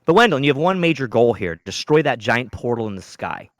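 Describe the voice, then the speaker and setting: A man running a tabletop game as game master, narrating dramatically with sudden loud outbursts. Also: mid-range voice, very animated, fairly quick.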